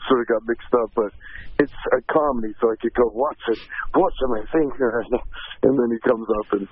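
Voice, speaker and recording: A man calling in as a guest actor, chatting casually, laid-back and quick to laugh, often trailing off mid-sentence. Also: mid-range voice, steady tone, breathy edge, no echo. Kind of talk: casual phone interview. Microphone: telephone. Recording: tinny phone line with faint noise.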